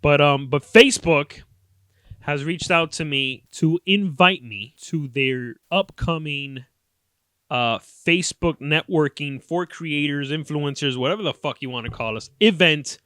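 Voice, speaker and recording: A man's voice: a little high, normal speed, clean tone, no room sound, studio quality. A man in his late twenties hosting a casual podcast, telling a story with lots of swearing and laughter. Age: 20s. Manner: profane, animated, laughs often. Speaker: podcast host.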